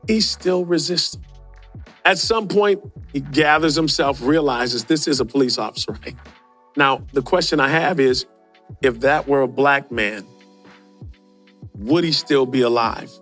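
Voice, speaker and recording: A man's voice: mid-range voice, measured pace, pauses often, fairly bright tone, soft background music. A man hosting a podcast, commenting casually on video clips and often asking rhetorical questions. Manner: rhetorical, asks questions and adds "right?". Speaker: podcast host.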